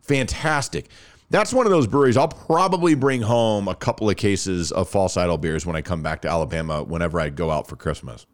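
A man's voice: sits low, fast talker, hardly any pauses. A man hosting a podcast who chats casually, tells stories and reads ads with gushing enthusiasm. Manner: excitable, gushing, chatty storyteller. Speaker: podcast host. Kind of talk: casual chat and ad read.

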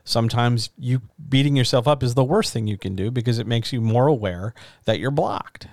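A man's voice: mid-range voice, normal speed, darkish tone, dry recording. Earnest man giving frank encouragement. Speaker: podcast host. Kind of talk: casual advice talk.

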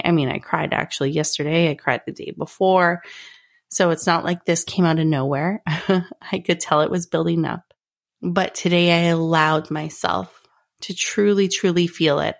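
Woman, podcast host, lower pitch, earnest, heartfelt, personal monologue. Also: gravelly. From Canada. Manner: earnest, heartfelt, repetitive phrasing.

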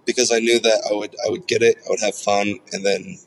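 Low-voiced hesitant male co-host. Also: little pitch movement, fast, a little hiss or hum, poor audio. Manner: hesitant, reflective, many restarts. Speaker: podcast co-host. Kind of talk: casual chat.

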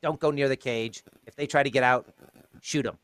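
A man's voice: mid-range voice, fairly even intonation, moderate pace, fairly bright tone. A man playing a tabletop game in character, with a playful, jokey way of talking. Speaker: player.

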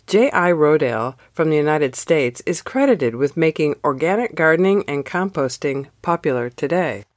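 A woman reads a devotional script with slow, storyteller pacing. Her voice sits low, yet it rises and falls with lively, animated inflection. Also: no echo, studio quality. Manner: slow, expressive storytelling read. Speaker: devotional podcast host.

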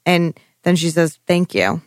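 A woman's voice: fairly low pitch, expressive, a little slow, no echo, studio quality. A woman co-hosting a casual recap chat, chatty and emphatic, with lots of 'like' and crude jokes. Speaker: podcast co-host.

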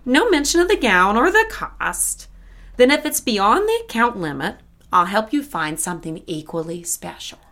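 An actress playing a polished saleswoman in an audio drama, speaking in a smooth, solicitous way. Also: medium pitch, very animated, moderate pace, a bit bright. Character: polished woman, attentive dress shop saleswoman.

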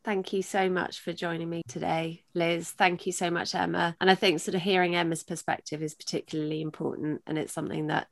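A woman hosts her podcast with a low, heartfelt voice, talking openly and with feeling. The sound is dry and close, with no room around it. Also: flat delivery, a little fast, vocal fry, few pauses, no echo. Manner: heartfelt, emotional, open. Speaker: podcast host. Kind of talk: podcast interview.

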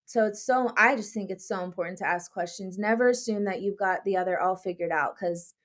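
A young woman co-hosting a podcast, chatting casually. She talks easily and often fills her sentences with little words like "like" and "you know". Her voice sits at an ordinary middle pitch for a woman. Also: fairly quick, fairly bright tone. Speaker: podcast co-host. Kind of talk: casual chat.

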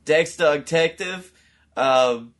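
A man's voice: fairly high pitch, takes it slowly, fairly bright tone. A man co-hosting a comedy podcast, adding jokes in a dry, matter-of-fact way during casual chat. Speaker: podcast co-host.

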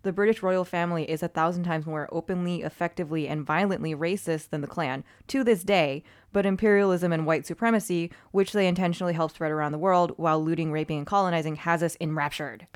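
A young woman co-hosting a podcast in easy conversation. Her voice is on the lower side for a woman. She makes her points emphatically and peppers her speech with "like.". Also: fairly even intonation, fast, few pauses. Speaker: podcast co-host. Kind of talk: casual chat.

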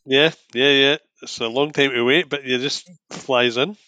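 A man co-hosting a casual film chat, easygoing and chuckling, quick to agree. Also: medium pitch, steady tone, sharp tone, dry recording. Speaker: podcast co-host.

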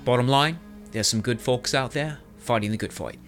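A man's voice: mid-range voice, normal speed, soft background music. A man running a tabletop game as game master, narrating scenes and voicing side characters in an easygoing way. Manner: lively, easygoing.

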